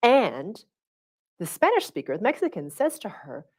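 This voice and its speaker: A woman's voice: mid-range voice, moderate pace, slightly rough. Chatty woman coaching a live audience. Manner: animated, checks in with listeners often. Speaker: spiritual coach hosting a livestream. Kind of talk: casual teaching talk.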